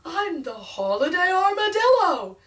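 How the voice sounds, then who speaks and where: A woman's voice: extremely high pitch, sing-song, a little slow, a bit bright, far from the mic, pitched above the performer's own voice, exaggerated voice. A woman voicing a flustered grown man who keeps trying to tell a story, in an earnest manner.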